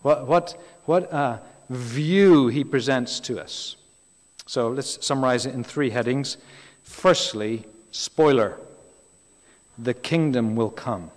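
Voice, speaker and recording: A man's voice: mid-range voice, slow pace. A man preaching a sermon in a chatty way, breaking off for asides and throwing questions to the congregation. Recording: reverberant hall.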